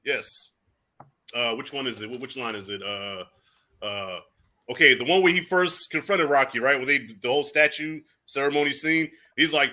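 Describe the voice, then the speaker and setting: A man's voice: medium pitch, fairly quick, pushed and bright. A man in his thirties, a movie reviewer, chatting casually on a livestream, laid-back and swearing, laughing often.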